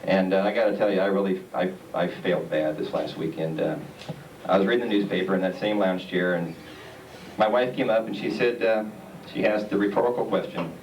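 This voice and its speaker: A man's voice: low voice, brisk, darkish tone. Man doing stand-up in an echoey theatre. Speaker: stand-up comedian. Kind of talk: stand-up comedy routine. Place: theatre stage with audience. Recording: roomy, distant, noisy live stage recording.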